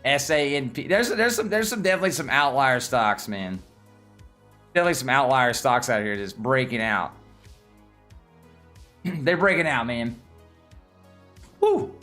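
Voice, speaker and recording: This Southern-accented livestream host from Tennessee speaks in a mid-range voice at a moderate pace, with long pauses and soft background music. He chats casually, laughs frequently, and comes across as lively and excitable.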